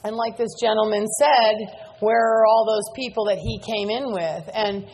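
A woman's voice: fairly high pitch, fairly even intonation, moderate pace, darkish tone, slightly rough. A middle-aged woman giving a candid, earnest testimony talk to a large meeting audience, repeating words for emphasis. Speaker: speaker at a recovery meeting.

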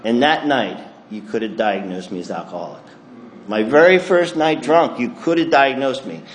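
A man's voice: medium pitch, expressive, moderate pace, echoey room, slight background noise. A man telling a self-mocking story about his drinking to an audience, acting out his own thoughts. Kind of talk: comic storytelling talk to an audience.

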